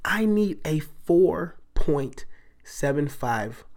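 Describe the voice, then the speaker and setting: A man hosting a podcast, telling a story in a casual, animated way and jumping into exaggerated voices for the people in it. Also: on the high side, drawn-out words. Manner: animated, jumps into exaggerated character voices and back. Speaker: podcast host.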